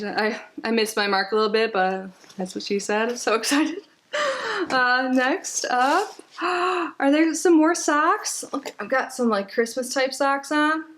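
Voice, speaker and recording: A woman's voice: medium pitch, a little hiss or hum. A woman vlogger sitting on the floor at home, chatting casually as she unboxes a package, rambling and giggling with lots of "like"s.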